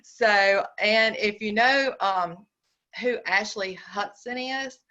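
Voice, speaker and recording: Bright enthusiastic woman host. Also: mid-range voice, slow, dull audio. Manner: enthusiastic, laughing. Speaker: event host. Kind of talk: introducing a speaker.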